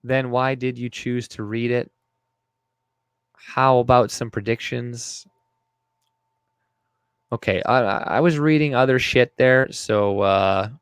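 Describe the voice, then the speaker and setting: A young man hosting a live stream rants profanely and reads his chat aloud as casual commentary. His mid-range voice sounds clean, captured with clean studio audio and no echo.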